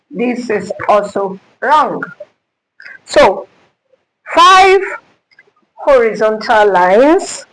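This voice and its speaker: A woman's voice: fairly high pitch, poor audio. A woman teaching a music lesson, speaking emphatically, repeating herself and quizzing her listeners.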